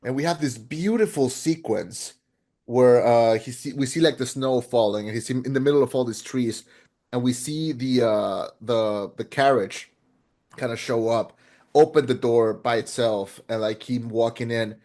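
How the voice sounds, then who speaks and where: A man co-hosting a casual film podcast, his voice sitting at an everyday middle pitch. He talks in animated, rambling bursts, circling back and restarting his thoughts as he goes. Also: moderate pace. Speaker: podcast co-host. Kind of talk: casual film review chat.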